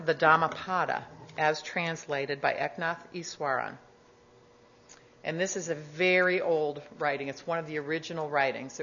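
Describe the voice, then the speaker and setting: Woman guest speaker with a low voice, gentle sermon delivery, dull lo-fi recording. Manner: gentle, measured, conversational with asides. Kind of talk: reflective sermon talk.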